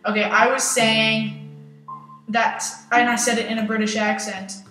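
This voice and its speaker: Woman, casual let's-play commentary, unhurried talk, roomy sound from a distant mic, loud game music behind. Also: fairly high pitch, level tone. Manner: chatty, talks to herself while playing. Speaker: Minecraft let's-play host.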